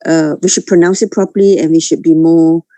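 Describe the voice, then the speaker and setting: A woman's voice: deep voice, fairly even intonation, brisk, mellow, dry recording. A woman student asking her teacher a question in class, hesitant and restarting her sentences often.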